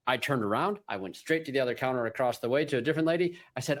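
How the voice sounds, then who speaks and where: A man hosting a podcast, chatting casually and telling an anecdote in a lively, animated way. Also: on the high side, fast, few pauses. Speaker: podcast host.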